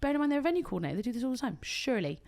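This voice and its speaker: A British woman and wedding coordinator, co-hosting a podcast and telling an animated story full of acted-out quotes. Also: high voice, racing, gravelly, noisy background. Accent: British English. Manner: animated storytelling, acts out quotes, swears casually. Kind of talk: casual chat, storytelling.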